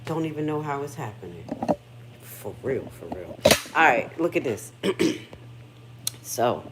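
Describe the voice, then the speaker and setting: Heavy background noise surrounds a very deep, unhurried, and highly animated voice. It belongs to a middle-aged woman running a casual kitchen livestream, where she swears freely while telling candid, emotional stories.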